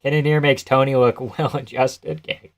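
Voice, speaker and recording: A young man streaming live, chatting loosely to his viewers. His pitch sits in the ordinary middle for a man. He laughs often, swears freely and answers chat between remarks. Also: level tone, moderate pace. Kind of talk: casual live-stream commentary.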